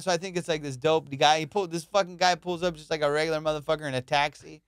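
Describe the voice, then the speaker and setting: Profane, animated comedian host. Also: male voice, a little high, quick pace, few pauses, smooth, dry recording, studio quality. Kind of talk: casual podcast chat.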